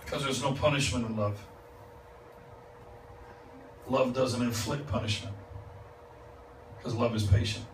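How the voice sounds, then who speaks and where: Man preaching in a church, mid pitch, boomy room, mic kinda far off, hiss underneath. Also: unhurried, long pauses. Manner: builds from calm teaching to loud, laughing exclamations. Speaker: guest preacher. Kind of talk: revival sermon. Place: church sanctuary. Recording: echoey church, distant mic, noisy. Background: congregation responding.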